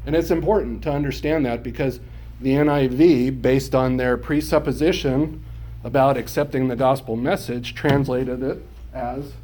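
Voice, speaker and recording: A man's voice: medium pitch, fairly even intonation, moderate pace, warm tone. A man teaching a Bible class, explaining Greek words patiently and often checking whether his students follow. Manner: explanatory, checks understanding with questions.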